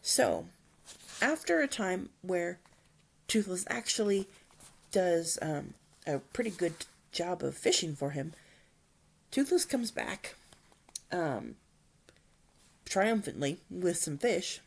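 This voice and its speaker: A woman presenting a book talk, retelling the story in an expressive, dramatic read-aloud manner with sudden whispers. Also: fairly low pitch, slow pace, creaky, long pauses, slightly rough.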